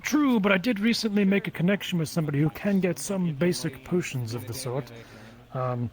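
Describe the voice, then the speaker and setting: A man's voice: high voice, animated, fairly quick. A man voicing a courteous male merchant who speaks politely and formally in a tabletop role-play.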